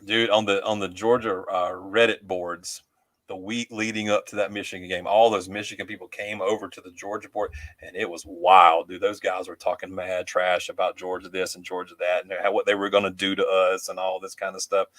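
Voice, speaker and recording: A man with a lowish voice rambles through a casual story, laughing often and restarting his sentences. His voice sounds close and dry. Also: little pitch movement, fairly quick, a bit bright, no room sound. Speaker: co-host.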